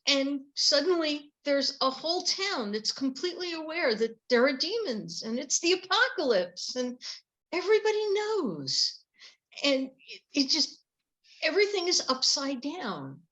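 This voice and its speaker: A woman guest on a fan panel retells a plot step by step. She has a high voice and a lively, storytelling way of talking. Her delivery stays casual and conversational. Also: a little slow, poor audio.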